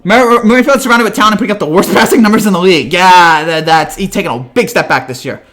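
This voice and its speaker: Hyper, fast-talking young man. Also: high-pitched, fairly bright tone. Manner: hyper, rapid, full of restarts and stumbles. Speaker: live-stream host. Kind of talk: live-stream chat Q&A.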